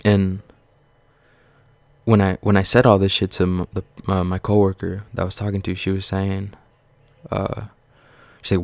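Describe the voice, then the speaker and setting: Gravelly low-voiced man ranting bluntly. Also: flat delivery, normal speed, pauses often, dry recording. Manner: blunt, profane, rambling and repetitive; earnest, reassuring. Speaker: vlogger. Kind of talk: casual motivational rant to camera.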